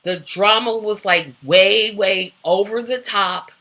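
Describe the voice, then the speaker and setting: Bright-voiced woman ranting casually. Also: medium pitch, slow. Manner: opinionated, rambling, lots of fillers. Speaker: host. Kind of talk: casual solo talk show.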